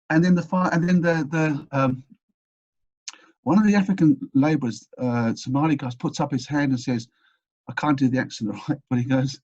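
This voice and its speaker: A man's voice: medium pitch, normal speed, a little mellow, lo-fi sound. A man as an interview guest, telling a long anecdote with energy, often restarting his sentences. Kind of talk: storytelling in a podcast interview.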